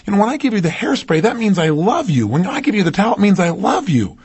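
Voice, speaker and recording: A man's voice: quick pace, creaky, mellow. A man putting on his earnest affectionate wife. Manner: pleading, higher-pitched voice.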